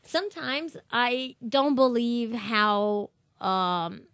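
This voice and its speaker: A Brazilian woman with a fairly high voice tells stories as a podcast guest. She laughs often and swears freely, animated throughout. The sound is dry and close. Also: drawn-out words, clean tone, no room sound. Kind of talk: casual storytelling.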